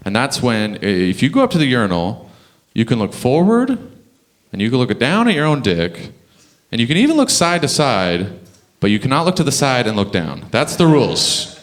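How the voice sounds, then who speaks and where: A man's voice: medium pitch, sing-song, moderate pace. A young man from Canada doing a stand-up comedy set on a club stage, chatty and chuckling through his punchlines.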